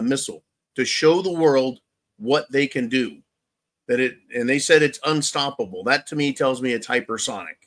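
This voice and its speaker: A man's voice: medium pitch, fairly bright tone. A man hosting his own channel, ranting angrily through political commentary, swearing heavily and repeating himself, with sarcastic asides. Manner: angry, heavily profane, repetitive. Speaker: channel host.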